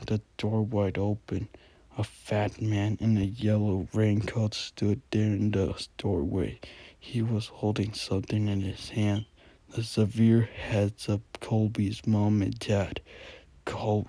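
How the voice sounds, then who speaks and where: Man whispering a spooky story, breathy hush, slow flat delivery, close dry mic. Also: lowish voice, no room sound. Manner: quiet whisper, with asides and self-corrections. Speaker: channel host reading a story.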